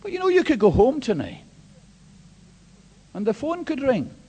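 A man pastor preaching an emphatic sermon, swinging between hushed and loud. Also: very high-pitched, wildly swooping pitch, moderate pace, breathy edge. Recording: long hall reverb.

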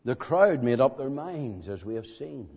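A man preaching an evangelistic sermon in a meeting hall, slow and dramatic, pressing his listeners with emphatic questions. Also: mid-range voice, sing-song, darkish tone, husky. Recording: dull lo-fi recording in a reverberant hall.

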